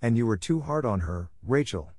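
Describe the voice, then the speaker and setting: A man's voice: medium pitch, animated, moderate pace, a little mellow, dry recording. Man doing a no-nonsense middle-aged farm woman, dry and firm, close dry sound. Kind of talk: audiobook character reading.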